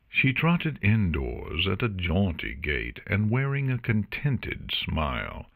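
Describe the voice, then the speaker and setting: A man reading an audiobook, narrating in an expressive storytelling manner. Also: sits low, takes it slowly, gravelly, hardly any pauses, no room sound, clean studio sound. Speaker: audiobook reader.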